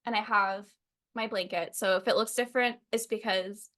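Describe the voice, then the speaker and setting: A woman's voice: medium pitch, fairly even intonation, moderate pace, a bit bright. Woman, podcast co-host, casual recap, laid-back, wry.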